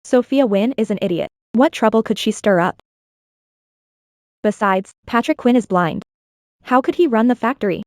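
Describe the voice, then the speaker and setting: A woman's voice: on the high side, lively intonation, moderate pace, pauses often, darkish tone, no echo. A woman voicing a scornful, scheming woman, dismissive and spiteful, in a dry booth. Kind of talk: dubbed drama acting.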